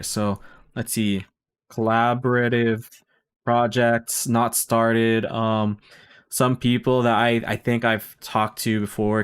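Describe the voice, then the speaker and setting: The speaker is a young man streaming live, his lowish voice clear and resonant, with a Filipino and Bay Area accent. He chats about his plans in a rambling way, often saying um and backing up to correct himself.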